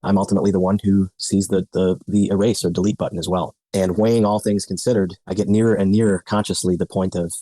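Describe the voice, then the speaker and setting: A deep-voiced man speaks quickly and earnestly on a live podcast broadcast. His tone is dark and mellow, and he searches for words as he goes. The sound is dry and close. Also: flat delivery, no room sound, rough recording. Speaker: podcast host.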